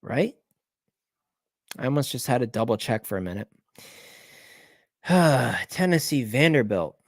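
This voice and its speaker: A man hosting a live betting picks stream, thinking aloud, repeating team names, correcting himself, swinging between low mutters and excited bursts. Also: measured pace, no room sound, studio quality. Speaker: sports betting show host.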